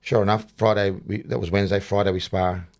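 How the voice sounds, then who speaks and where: A man's voice: on the low side, flat delivery, a little fast, darkish tone. A middle-aged man with an Australian accent, a boxing coach chatting in an interview, rambling and restarting his sentences. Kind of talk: casual interview chat.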